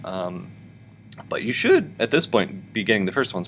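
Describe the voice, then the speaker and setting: A lower-voiced man teaches a music lesson to schoolchildren over a webcam, chanting rhythms for them to echo back. His manner is patient and instructive. A faint hiss of background noise sits under the recording. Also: expressive, moderate pace, a bit bright. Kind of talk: virtual music lesson for children.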